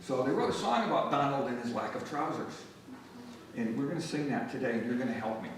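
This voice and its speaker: A man's voice: mid-range voice, animated, quick pace, slight background noise. Guy telling stories between folk songs, friendly and jokey, mic far off, super echoey library room, guitar going. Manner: chatty, joking, coaxes audience to sing along. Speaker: folk musician. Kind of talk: storytelling between songs at a live concert. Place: public library event room.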